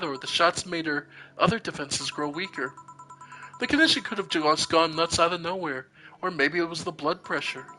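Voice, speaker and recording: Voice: medium pitch, natural voice, poor audio. A streamer voicing a weary woman bartender. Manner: quiet, hesitant, halting. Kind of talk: reading visual novel dialogue aloud.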